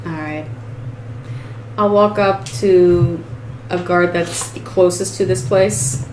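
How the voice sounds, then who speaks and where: A woman's voice: on the low side, fairly even intonation, takes it slowly, a little mellow, echoey room, a little hiss or hum, poor audio. A woman playing a tabletop game, chatty and hesitant with many fillers. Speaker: player. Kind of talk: casual tabletop play.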